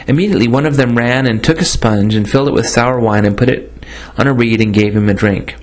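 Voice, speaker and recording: This man reads scripture at a moderate pace, his pitch medium and the audio poor. He sounds steady and unadorned, sometimes fumbling a word and going back to correct it.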